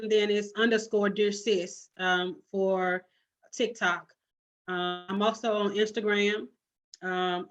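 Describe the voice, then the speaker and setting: A woman's voice: medium pitch, a bit bright. Woman with a preachy, repeating cadence. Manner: preachy, repetitive cadence with many restarts. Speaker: guest author and blogger. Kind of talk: casual podcast conversation. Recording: dull lo-fi sound.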